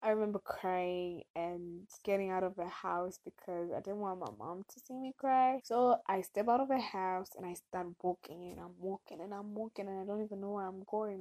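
A young woman speaks to her viewers in a casual, faith-centred talk, her voice sitting in a middle register. She tells her story with animated expression and sudden swings between soft and loud. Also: mid-range voice, moderate pace, hardly any pauses, poor audio. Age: young adult.

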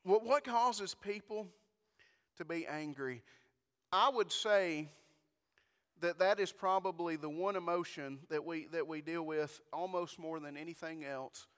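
A man's voice: a little high, unhurried, fairly bright tone, clear, resonant tone, long reverb tail. A man preaching a conversational sermon as pastor, often asking the congregation for amens and repeating words as he starts a phrase.

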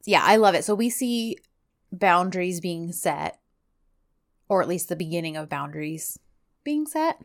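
A woman's voice: lowish voice, a little slow, pauses often. A woman co-hosting a podcast, chatting casually as she recaps a drama and acts out characters' lines. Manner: animated, acts out quotes from the show. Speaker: podcast co-host.

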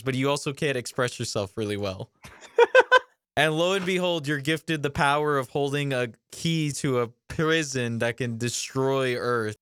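A man's voice: mid-range voice, a bit bright, clear, resonant tone, no room sound, clean studio sound. A man co-hosting a casual review podcast, riffing playfully on absurd what-if scenarios. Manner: playful, riffs on absurd hypotheticals. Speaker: podcast co-host.

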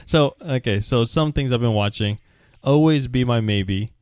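A man's voice: mid-range voice, normal speed, a little mellow, no echo. Upbeat male podcast host, dry sound. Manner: upbeat, leads the segments. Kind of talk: casual chat.

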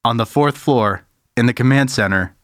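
A man narrating a tabletop game as game master, calm and steady. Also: medium pitch, moderate pace, no room sound, clean studio sound.

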